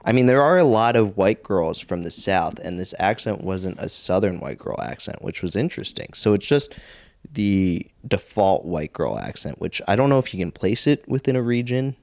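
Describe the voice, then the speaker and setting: A man co-hosting a podcast in casual chat, measured and hedging as he talks things through. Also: low voice, lively intonation, a little mellow, no echo. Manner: measured, hedging with "I mean" and "I think". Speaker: podcast co-host.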